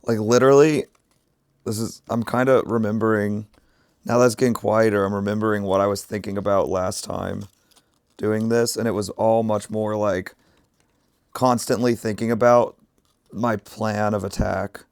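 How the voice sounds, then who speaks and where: A man with a sick voice, chatting casually to his livestream while he crafts and thinks out loud. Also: fairly low pitch, level tone, moderate pace, clear, resonant tone, no echo, clean studio sound. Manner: rambling, thinking aloud while working. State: sick, rough voice. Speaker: streamer.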